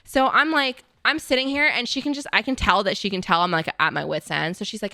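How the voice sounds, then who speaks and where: A young woman hosting a podcast, telling a story in casual chat, animated and profane, with lots of "like" fillers. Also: mid-range voice, fairly quick, few pauses, no room sound. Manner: animated, acts out quotes in the story. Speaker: podcast host. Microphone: podcast mic.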